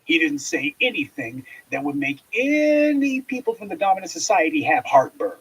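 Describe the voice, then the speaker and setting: A man delivering a forceful, scornful political commentary monologue, lecturing his listeners. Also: a little high, big pitch swings, moderate pace, breathy edge, low-quality recording.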